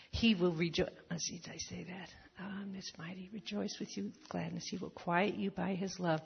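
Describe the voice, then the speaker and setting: An older woman gives an earnest devotional testimony, reading scripture and taking it personally. Her voice is husky and sits on the low side, and she speaks unhurriedly. The recording is dull and carries a long hall reverb. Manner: earnest, reads verses aloud and applies them personally. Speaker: church member giving testimony.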